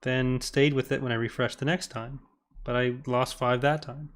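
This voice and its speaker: A man's voice: medium pitch, steady tone, normal speed. A man co-hosting a gaming session, joking and rambling in a self-deprecating way. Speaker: gaming co-host. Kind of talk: casual gameplay chat. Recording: game noise behind voice.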